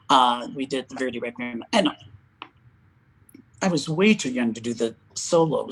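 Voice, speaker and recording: A man's voice: mid-range voice, rough recording. Older male opera singer telling stories. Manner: animated storyteller, acts out quoted dialogue, laughs often. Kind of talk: casual interview chat.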